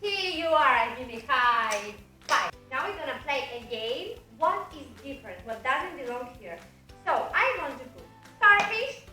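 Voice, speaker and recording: A woman teaches a toddler in a slow, playful sing-song, her voice high and swooping. She sounds bright and clear but stands back from the mic in an echoey room. Faint music plays behind her. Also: very animated, far from the mic. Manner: slow, exaggerated, playful prompting. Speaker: teacher and parent.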